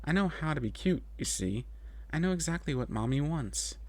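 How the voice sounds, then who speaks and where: A man narrating a first-person story in an expressive, melodic reading voice. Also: fairly high pitch, moderate pace, no room sound.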